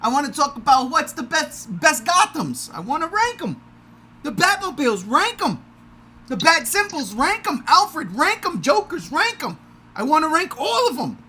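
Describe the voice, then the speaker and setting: A man hosting a podcast livestream in a casual, energetic, self-mocking way. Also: very high voice, moderate pace. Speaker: podcast host.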